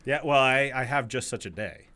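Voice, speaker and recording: A man's voice: mid-range voice, animated, normal speed, bright, forceful tone. A man in his forties, co-hosting a casual podcast chat, telling stories animatedly and swearing freely. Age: 40s. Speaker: podcast co-host.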